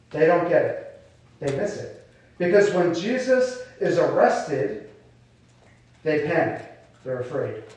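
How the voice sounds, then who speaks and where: A man preaches a sermon in a relaxed, conversational way, slipping into quoted voices as he goes. His voice sits high for a man. He is heard from a distance in a strongly echoing hall. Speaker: pastor. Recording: echoey hall, mic far off.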